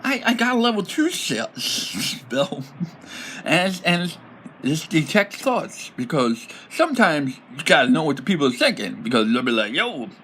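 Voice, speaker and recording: A man casually explaining his tabletop role-playing character, rambling and animated and laughing often. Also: on the high side, a little slow, slight background noise, rough recording.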